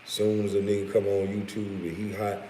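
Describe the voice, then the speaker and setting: A man's voice: fairly low pitch, completely flat delivery, moderate pace, warm tone. A man vlogging, ranting bluntly and profanely, with laughing asides. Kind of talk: profane rant vlog. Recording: roomy echo with faint hiss.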